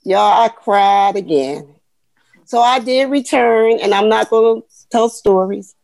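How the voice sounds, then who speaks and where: A woman, telling animated, folksy stories as an interview guest. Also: on the high side, slow, gravelly, no echo. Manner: animated, folksy, addresses listeners as y'all. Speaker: guest, retired Army veteran. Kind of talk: storytelling interview.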